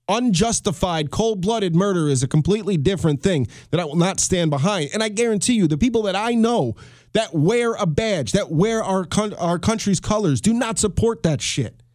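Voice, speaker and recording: Host, male, 30s, high-pitched, heated swearing rant, dry close mic. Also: expressive, moderate pace, a little mellow, dry recording. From United States. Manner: fired-up, swearing, repeats and restarts. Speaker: podcast host. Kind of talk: solo podcast rant.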